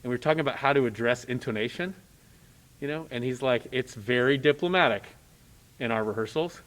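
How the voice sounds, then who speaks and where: A man's voice: mid-range voice, a little fast, fairly bright tone. A middle-aged man coaching a student conductor at a band rehearsal, direct and joking, talking through examples. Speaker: conducting clinician.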